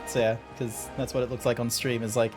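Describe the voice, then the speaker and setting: A man streaming a game and chatting with friends in easygoing, rambling talk. He swears casually and laughs easily, and his voice sits at an ordinary middle pitch. Faint music plays underneath. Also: little pitch movement, a little fast. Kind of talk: casual chat while gaming.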